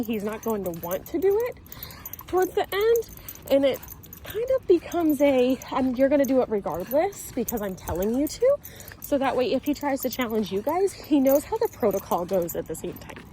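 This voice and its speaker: Woman, dog trainer, outdoors, sharp commands, explaining while walking, faint background noise. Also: high voice. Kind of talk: instructional talk during dog training.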